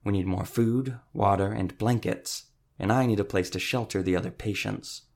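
A man's voice: fairly low pitch, normal speed, creaky, a little mellow. A man reading an audiobook, voicing a blunt male doctor who growls his words. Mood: gruff.

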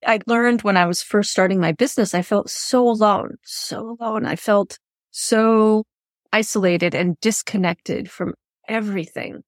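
A woman's voice: mid-range voice, fairly even intonation, a little slow, no room sound, clean studio sound. A woman hosting an interview podcast, chatting in an earnest, effusive way and thinking aloud as she goes. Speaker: podcast host. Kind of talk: reflective interview chat.

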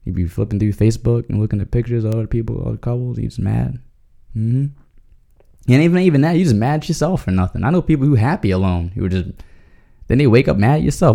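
A man's voice: mid-range voice, fast, creaky, warm tone. A man hosting a podcast, talking in a slangy, joking way and chuckling as he goes. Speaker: podcast host. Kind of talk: casual comedic monologue.

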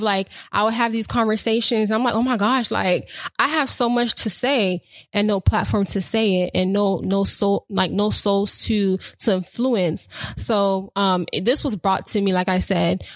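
Young woman, podcast host, excitable and rambling, mid-pitched, dry close sound. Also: no echo. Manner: excited, rambling, repeats phrases. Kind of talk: casual faith talk podcast.

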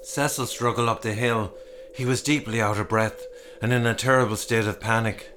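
A man reading a dark fairy tale aloud in a measured, dramatic storytelling style, with music behind him. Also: medium pitch, fairly even intonation. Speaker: narrator. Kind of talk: storytelling narration.

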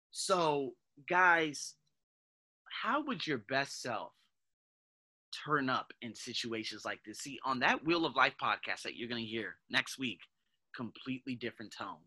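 A man hosting a podcast, giving a casual motivational monologue in an animated way, calling his listeners "guys" and often restarting his sentences. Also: fairly high pitch, normal speed. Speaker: podcast host.

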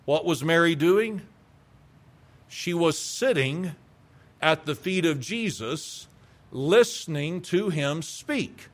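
A man's voice: fairly high pitch, animated, slow, long pauses. A male pastor preaching a sermon, emphatic, asking rhetorical questions and repeating phrases for weight.

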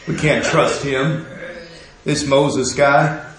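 A man's voice: mid-range voice, steady tone, drawn-out words, very echoey, rough recording. A man voicing a frightened, grumbling Israelite who mutters complaints about his leader. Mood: resentful. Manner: muttering, resentful.

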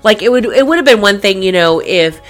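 A middle-aged woman hosting her faith-based show, telling a personal story in a chatty, animated way and acting out her own reactions. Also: medium pitch, a little fast, faint music behind. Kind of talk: casual storytelling monologue.

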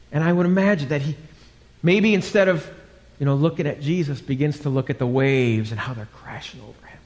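A man's voice: medium pitch, darkish tone. A male pastor preaching a live sermon, telling a story dramatically and acting out the voices in it. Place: church sanctuary. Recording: live church hall with long reverb.

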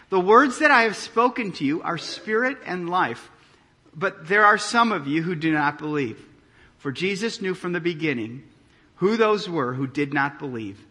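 A man preaching a sermon, reading scripture aloud and explaining it with animated emphasis. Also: high voice. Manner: animated preaching, reads scripture aloud, drops to quiet intensity. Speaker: pastor.

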